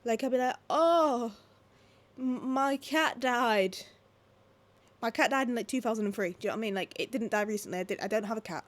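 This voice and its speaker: A woman, ranting casually to camera at home, animated and full of swearing and "like". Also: mid-range voice. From England. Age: 20s. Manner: swearing, animated, fast-shifting, lots of "like". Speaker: vlogger. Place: at home, indoors.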